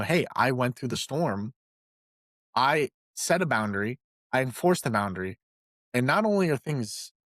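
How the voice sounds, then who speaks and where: A man co-hosting a podcast in casual chat, telling stories with animated delivery and acted-out voices. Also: medium pitch, dry recording, studio quality. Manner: animated storyteller, voices characters in jokes. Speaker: podcast co-host.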